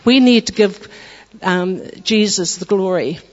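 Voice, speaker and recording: A woman gives a testimony in a church, her story earnest and halting, full of restarts. Her voice carries a long hall reverb and comes through muffled and lo-fi. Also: mid-range voice, darkish tone. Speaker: church member giving testimony.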